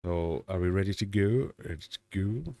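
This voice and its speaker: Deep-voiced Scottish man hosting a livestream. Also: animated, moderate pace, dark tone, no room sound. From Scotland. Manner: jokey, self-deprecating banter with chat. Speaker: livestream host. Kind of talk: casual livestream chat and quiz. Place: home fish room.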